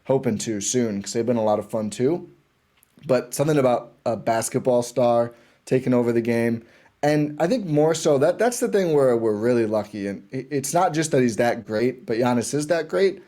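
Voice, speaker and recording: A man guesting on a sports podcast, talking like an excited fan and often restarting his sentences. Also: mid-range voice, moderate pace. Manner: enthusiastic fan, rambling with restarts. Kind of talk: casual sports chat.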